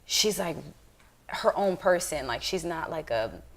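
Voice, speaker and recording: A young woman comedian talking in a casual interview, with a voice that sits a little low for a woman. She tells frank, animated stories, swears freely and laughs easily, often slipping into quick impressions of the people she quotes.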